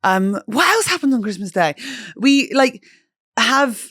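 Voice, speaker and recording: A woman's voice: on the high side, sing-song, measured pace, fairly bright tone, dry recording, studio quality. A woman hosting a podcast, chatting casually in a jokey, self-mocking way and swearing freely. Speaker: podcast host. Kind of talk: casual chat.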